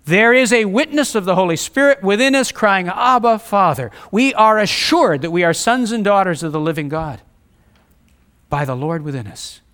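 A man delivering a sermon in an earnest, direct way. His voice sits fairly high. He mixes scripture readings with plain-spoken asides to the congregation. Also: lively intonation, moderate pace, fairly bright tone. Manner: earnest, preaching with rising emphasis and repetition; reads scripture aloud, conversational asides. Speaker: preacher.

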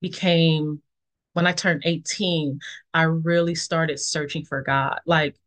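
A woman in her forties, a guest on a podcast, shares her personal faith testimony in conversation. She is reflective and unhurried, pausing often with fillers, and acts out quoted friends in lively, high voices.

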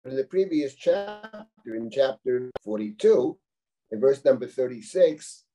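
Rabbi teaching scripture, middle-aged man, dark low-toned voice, talks it through like a chat, reads and translates Hebrew lines. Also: lively intonation, measured pace, soft background music. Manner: reads Hebrew verses aloud and translates them line by line; conversational, explanatory, with rhetorical questions. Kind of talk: live text-study lecture.

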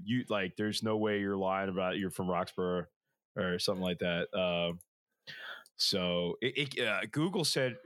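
A hoarse young man co-hosting a podcast, chatting casually with rambling asides and jokes. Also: fairly low pitch, fairly bright tone, dry recording, studio quality. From Philadelphia area. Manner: rambling, filler-heavy, joking. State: hoarse after illness. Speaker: podcast co-host. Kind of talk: casual chat.

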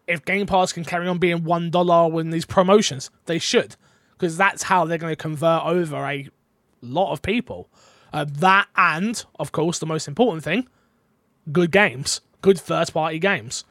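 A man's voice: fairly high pitch, normal speed, fairly bright tone, dry recording, clean studio sound. A man co-hosting a casual podcast, rambling and teasing, often restarting his sentences. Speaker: podcast co-host. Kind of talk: casual chat.

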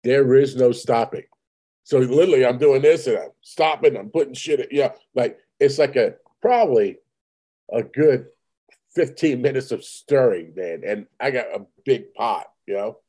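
A laid-back man co-hosting a podcast, rambling easily with casual swearing. His voice is mellow and dark, never sharp. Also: mid-range voice, moderate pace. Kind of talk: casual chat.

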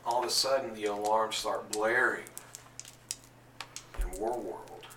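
Slow-talking man running a tabletop game. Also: lowish voice, slight background noise. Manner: animated storytelling, jokey. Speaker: game master. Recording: echoey room, distant mic, faint ambience.

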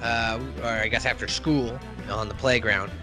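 A man's voice: medium pitch, fairly even intonation, normal speed, bright, forceful tone, faint music behind. A man casually recapping a cartoon episode, acting out the characters' lines and laughing often. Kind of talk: casual chat.

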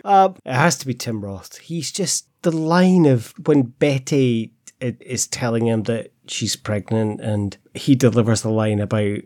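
A man's voice: medium pitch, measured pace, hardly any pauses, darkish tone. A man co-hosting a podcast in casual chat, enthusiastic and swearing casually. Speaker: podcast co-host.

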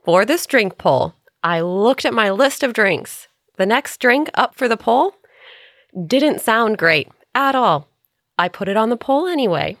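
A woman's voice: fairly high pitch, expressive, a little slow, fairly bright tone, dry recording, clean studio sound. A woman chatting on a podcast, rambling through a long story. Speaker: podcast player. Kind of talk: casual chat.

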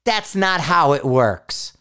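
A man's voice: fairly high pitch, lively intonation, takes it slowly, bright, forceful tone, clean tone. A man hosting a podcast, talking casually in a blunt, profane, rambling way with frequent restarts. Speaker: podcast host. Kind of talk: casual solo podcast rant.

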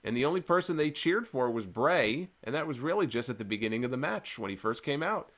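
A man's voice: mid-range voice, lively intonation, a little fast, a bit bright. A man hosting a live-streamed wrestling recap, talking in an opinionated, sarcastic and rambling way. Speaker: wrestling show host.

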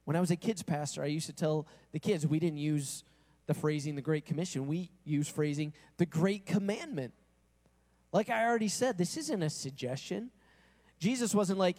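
Man, pastor, sermon, chatty, asks the congregation questions, high voice, long church-hall reverb. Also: lively intonation, normal speed, darkish tone. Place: church sanctuary.

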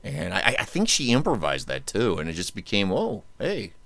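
A man hosting a podcast in casual, joking chat, animated and quick to ham up lines. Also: lowish voice, vocal fry, no room sound. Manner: animated, joking, reads quotes in mock-dramatic tones. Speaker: podcast host.

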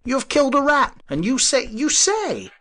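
A man's voice: very high-pitched, huge pitch swings, normal speed, voice pushed up, full character voice. A man putting on a frantic young scientist. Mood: anguished shouting. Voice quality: shouting, strained. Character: young male scientist, anguished and desperate.

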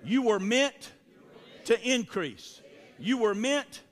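A man preaches to his congregation, his voice pitched high. He drives his points home with repeated calls and responses in the manner of a pastor. The sound carries the long reverb of a large church hall. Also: animated, slow. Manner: preaching with call-and-response, repetitive exhortations. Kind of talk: sermon.

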